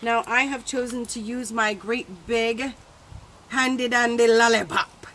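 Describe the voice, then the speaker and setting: A woman's voice: fairly high pitch, steady tone, a little slow, fairly bright tone, slight background noise. Chatty woman coaching viewers. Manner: chatty, playful, encouraging. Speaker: self-help vlogger. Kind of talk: casual coaching talk.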